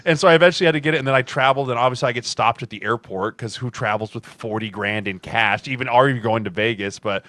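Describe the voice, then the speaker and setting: A man's voice: mid-range voice, fast, hardly any pauses, dry recording. A man in his thirties co-hosting a podcast in casual chat, telling stories with laughs and acted-out quotes. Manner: animated storyteller, laughs often, acts out quotes. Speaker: podcast co-host, former offensive lineman.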